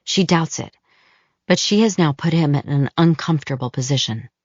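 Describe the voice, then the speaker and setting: A woman narrates an audiobook in a measured, even storytelling manner. Her voice is low. She is close on the mic in a dry space, and the audio is a bit dull. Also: no echo. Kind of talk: scripted narration.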